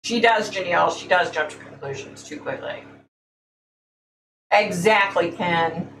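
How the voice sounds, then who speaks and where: A woman's voice: lowish voice, a little slow. Blunt woman, echoey livestream. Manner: blunt, opinionated, says "y'all". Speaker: livestream host. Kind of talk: casual livestream chat. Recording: echoey room, faint hum, mic at a distance.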